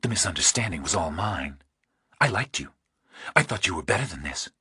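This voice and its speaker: Audiobook side part: a quiet, reproachful companion, very raspy and lively in pitch, read by a man. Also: brisk, no room sound, studio quality, heavily acted. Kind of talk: audiobook character reading.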